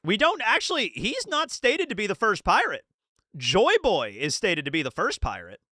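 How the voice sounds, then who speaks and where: A man on a live stream, rambling excitedly through a manga chapter breakdown, laughing often and acting out quotes. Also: high voice, normal speed, no room sound, studio quality. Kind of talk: casual live-stream commentary.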